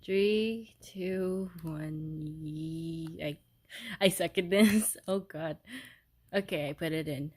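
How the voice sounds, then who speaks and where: A young woman talks through a casual at-home unboxing, filmed on her phone. Her voice sits a little low and she speaks slowly, drifting between thoughts with frequent giggles and little fillers. She sounds giddy with delight the whole way through. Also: darkish tone, breathy edge. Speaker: vlogger. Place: upstairs room at home. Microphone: phone held by the speaker.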